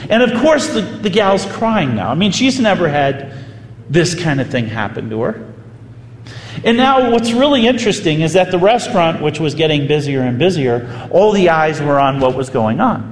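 A man, a priest, telling a story in a sermon with animated, vivid delivery. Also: a little high, normal speed. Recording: echoey hall, faint ambience.

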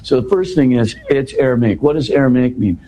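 Man with a warm low-key voice unpacking bible verses, lots of restarts and "you know"s. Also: animated, fairly quick, low-quality recording. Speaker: guest explaining scripture. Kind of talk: conversational explanation.

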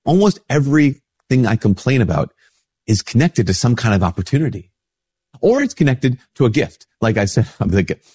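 A middle-aged priest hosting a casual spiritual talk, stuffy-nosed from a cold, chatting easily and acting out little dialogues. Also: male voice, very animated, moderate pace, a little mellow, slightly rough. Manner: conversational, acts out little dialogues with rising pitch. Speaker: priest and show host.

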